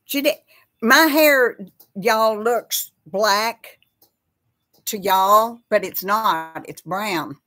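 A middle-aged woman with a Texas accent hosts a relaxed live chat. She rambles in a homey, friendly way and keeps turning to her viewers with y'all. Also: medium pitch, very slow. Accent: Texan.

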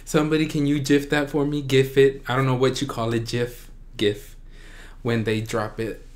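A man hosting a reaction video, gushing with excitement and often breaking into shrieks and squeals. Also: mid-range voice, a little fast. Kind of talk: excited fan reaction commentary.

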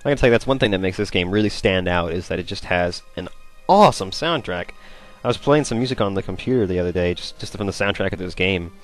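A man's voice: low-pitched, fast, faint music behind. Chatty young man narrating gameplay. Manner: chatty, rambling, easily excited. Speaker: gameplay commentator. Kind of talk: casual let's play commentary.

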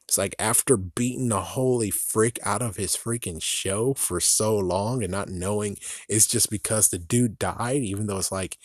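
A man's voice: mid-range voice, a little mellow, dry recording. Giggly ranting man, dry close mic. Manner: giggly, swears mildly, rants and jokes. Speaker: video reviewer. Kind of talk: rambling casual commentary.

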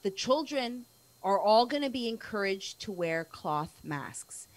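A woman's voice: mid-range voice, big pitch swings, unhurried, rough recording. A woman journalist as a guest on a casual live-stream talk show, talking in a rambling way with many restarts.

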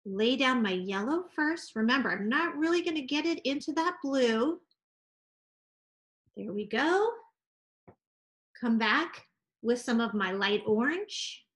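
A woman art teacher gently talking children through a painting demonstration, encouraging and sing-song. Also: on the high side, animated, slow pace, long pauses.

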